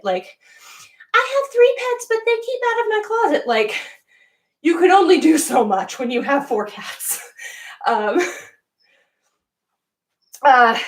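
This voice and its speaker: Speaking in a fairly high voice from well away from the mic, a young woman runs a casual livestream in a home spare room. The recording sounds roomy, and she keeps things chatty, giggly and full of laughs.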